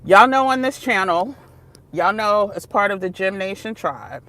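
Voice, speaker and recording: Slow-talking chatty woman vlogger. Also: mid-range voice, expressive, a bit bright, no echo. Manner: chatty, digressive, laughs often. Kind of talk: casual vlog talk. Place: outdoors, moving between places.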